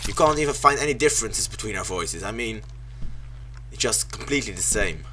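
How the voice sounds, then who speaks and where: A man's voice: lowish voice, expressive, brisk, a little hiss or hum. A young man, not a native English speaker, doing sarcastic let's play commentary, cursing and yelping at the game. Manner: sarcastic, swears a lot, yelps and shouts at the game. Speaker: gaming commentator.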